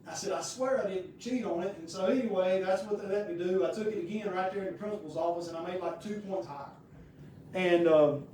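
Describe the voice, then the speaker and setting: A man's voice: high-pitched, mellow, distant mic, slight background noise. A male pastor, telling a personal story in a folksy, rambling, conversational sermon. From United States. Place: church sanctuary. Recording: very echoey room heard from afar.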